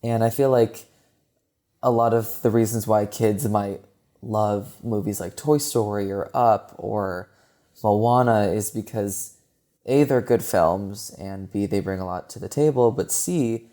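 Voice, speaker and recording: Podcast co-host, male, warm low-key tone, rambling casual film talk. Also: measured pace. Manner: chatty and rambling, heavy use of "like". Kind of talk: casual film review chat.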